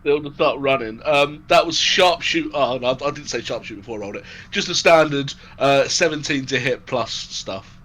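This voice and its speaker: A man playing a tabletop game, casual and excitable, swearing freely. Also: mid-range voice, normal speed. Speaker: player.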